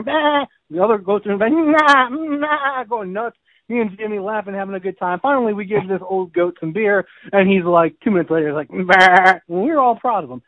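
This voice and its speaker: A man's voice: high voice, dry recording. A man co-hosting a casual gaming podcast, telling rambling jokey stories and bleating like a goat now and then. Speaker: podcast co-host. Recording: tinny phone-like line.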